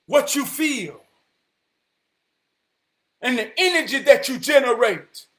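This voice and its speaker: A man with a Southern US accent giving an inspirational talk, preaching and building to shouts before dropping low. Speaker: motivational speaker.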